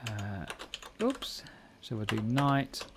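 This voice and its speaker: A man with a gravelly, creaky voice hosts a casual live coding stream from home. He thinks aloud as he works and often stops to correct himself mid-sentence. Keyboard typing and clicks sit faintly behind his voice. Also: on the low side, big pitch swings, takes it slowly, background noise. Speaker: live-stream host learning a programming language. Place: home room at a computer.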